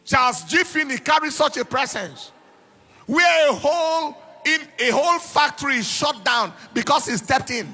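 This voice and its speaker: With an extremely high, pushed, bright voice, a middle-aged pastor preaches animatedly at a normal speed. He recounts personal stories, laughs, and emphatically repeats words and phrases.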